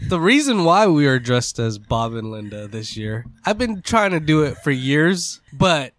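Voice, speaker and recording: A man's voice: on the high side, very animated, unhurried, a bit bright. A young man co-hosting a casual chat, laid-back and swearing offhandedly. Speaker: co-host.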